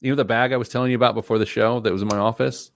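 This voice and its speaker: A man's voice: medium pitch, fairly even intonation, racing. A man hosting a radio show, chatting casually with a co-host and joking at his own expense. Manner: joking, self-deprecating banter. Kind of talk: casual chat. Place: radio studio.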